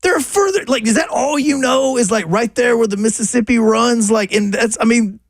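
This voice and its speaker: A man's voice: extremely high pitch, steady tone, moderate pace, creaky, no echo. A male sports radio host, talking in loose, rambling, self-mocking banter into a studio mic. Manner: rambling, self-deprecating, joking. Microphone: studio microphone.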